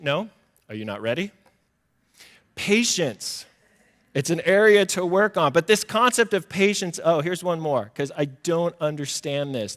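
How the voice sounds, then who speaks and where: A male pastor delivers a sermon in a relaxed, conversational way, slipping into small acted-out exchanges and laughing at his own habits. His voice sits a little high for a man. The sound carries a long reverb from a large church sanctuary. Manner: conversational, self-deprecating, acts out little quoted exchanges.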